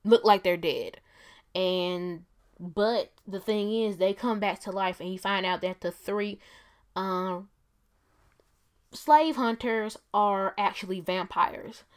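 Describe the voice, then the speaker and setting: Woman, casual chatty recap, smooth clear voice. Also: medium pitch. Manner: chatty, lots of fillers and self-corrections. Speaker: comic book reviewer. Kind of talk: casual retelling of a story.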